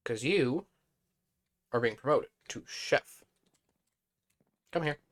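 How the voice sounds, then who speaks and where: Hoarse man thinking aloud while streaming. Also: mid-range voice, animated, slow pace. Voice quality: thinks aloud, mutters to himself, chatty. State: hoarse, voice fading. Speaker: streamer playing a building game. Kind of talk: casual live-stream commentary.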